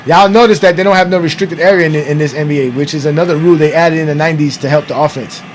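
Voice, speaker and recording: A man hosting a casual watch-along, giving excitable, profane, trash-talking commentary on an old basketball game. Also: on the high side, rapid-fire, slight background noise. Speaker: podcast host.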